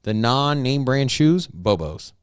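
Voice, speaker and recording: A man's voice: medium pitch, sing-song, takes it slowly, clean tone, dry recording, studio quality. A man co-hosting a casual crypto chat, playful and rambling, with lots of fillers. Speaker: co-host.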